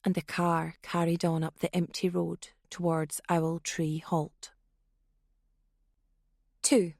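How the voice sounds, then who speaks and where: Woman narrating with a gravelly voice. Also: on the low side, flat delivery, takes it slowly, a little mellow, no room sound, studio quality. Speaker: audiobook narrator. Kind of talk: scripted narration.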